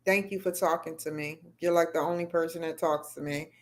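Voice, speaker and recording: A woman's voice: low voice, fairly even intonation, a little fast. Woman rambling to her livestream chat. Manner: rambling, talks back to chat comments. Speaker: livestream host. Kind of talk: casual livestream chat with viewers.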